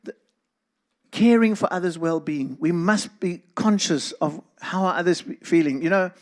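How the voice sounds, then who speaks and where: A man's voice: high-pitched, moderate pace. A middle-aged man with a South African accent, giving an earnest talk to a church congregation and speaking to listeners by name. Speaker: guest speaker.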